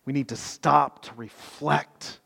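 A man preaching a sermon as pastor, impassioned, swinging from loud pleading down to hushed, almost whispered lines. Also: mid-range voice, steady tone, takes it slowly, creaky, breathy edge, long reverb tail. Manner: impassioned, builds to loud pleading then drops to near-whisper.

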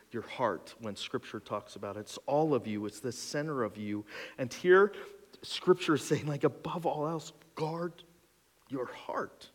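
A male pastor preaching a sermon in a conversational, emphatic way, counting off numbered points, in a church sanctuary. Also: medium pitch. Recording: long hall reverb.

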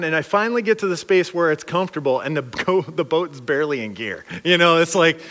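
Male preacher, lively joking storyteller, fairly high voice, long hall reverb. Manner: animated, joking, acts out quotes. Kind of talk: storytelling sermon.

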